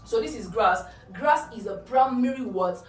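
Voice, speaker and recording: A woman's voice: fairly high pitch, lively intonation, normal speed. A woman teaching an exam-prep biology lesson. She keeps asking "what?" and answering herself, and she checks in with "okay?" after most points. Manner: asks rhetorical "what?" questions and answers them; checks understanding with frequent "okay?". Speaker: biology tutor. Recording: roomy, distant mic, faint ambience.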